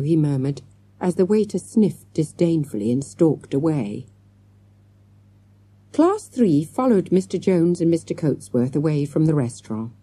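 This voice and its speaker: A woman narrating a children's storybook with an expressive, animated delivery. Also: low-pitched, slightly rough, dry recording. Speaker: audiobook narrator.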